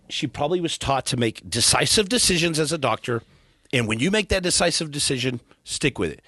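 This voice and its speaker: Recorded on a studio podcast mic with clean sound and no room noise, a thirtysomething guest shares his story in an earnest, relaxed way, tripping into restarts now and then. His voice is mid-range, husky, and slightly bright.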